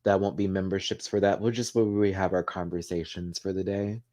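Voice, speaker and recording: A man hosts a casual live chat, choked up and emotional. His voice sits a little low, and he talks in an open, heartfelt way, swearing freely as he reads comments. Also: level tone, fairly quick, darkish tone. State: tearful, emotional. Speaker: livestream host.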